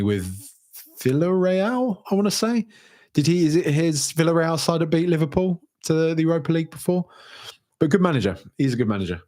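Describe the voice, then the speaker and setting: Young male podcast host, casual and rambling, slightly low voice, reads viewer comments aloud. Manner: chatty, rambling, frequent fillers and restarts. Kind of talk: casual solo podcast, reading viewer messages.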